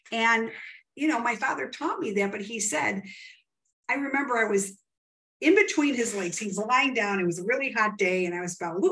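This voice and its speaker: A woman's voice: mid-range voice, fairly bright tone. A woman psychic medium, a guest in an interview, telling family stories in an earnest, rambling way.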